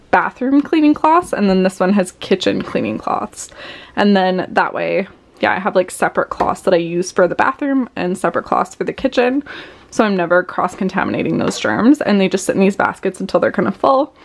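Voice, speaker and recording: A woman talks through her cleaning routine in a casual, chatty vlog style, stacking up fillers as she explains each step. Her mid-pitched voice carries a gravelly, creaky texture, and she sounds slightly out of breath from working while she talks. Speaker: home cleaning vlogger.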